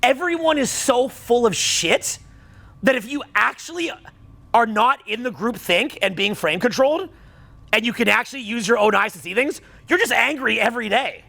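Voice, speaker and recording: High, gravelly, profane seminar coach. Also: male voice, animated, moderate pace, pushed and bright. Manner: blunt, profane, rising to heated outbursts. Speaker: dating and social skills coach. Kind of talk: seminar talk to a live audience.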